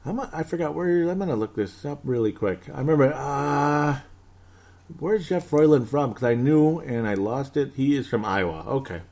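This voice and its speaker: A man in his thirties hosting a casual sports podcast, excitable and rambling, reading out listener comments. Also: mid-range voice, brisk, hardly any pauses. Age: 30s. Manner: hyper, excitable, rambling with laughs. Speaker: podcast host.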